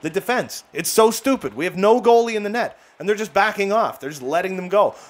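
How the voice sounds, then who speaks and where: A young man calls live gameplay with excitable, ranting play-by-play and quick jokes. His voice sits a touch higher than most men's. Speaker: gaming channel host.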